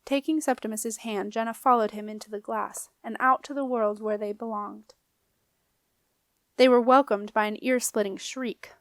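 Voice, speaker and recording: A woman narrating a children's fantasy audiobook in a clear, expressive manner. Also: a little high, normal speed, no room sound. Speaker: audiobook reader. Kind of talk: storybook narration.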